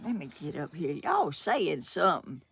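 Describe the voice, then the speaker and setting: A woman's voice: sits low, very animated, moderate pace, creaky, breathy edge. An older woman with a Southern US accent, chatting casually and a bit flustered on a live stream from her home, laughing often. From Georgia, USA. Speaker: vlogger. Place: home, sunny room.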